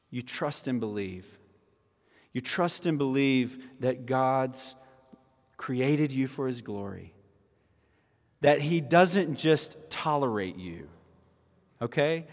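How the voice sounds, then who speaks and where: A man preaching a sermon as pastor, moving between hushed teaching and rising, fervent proclamation. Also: mid-range voice, big-room sound.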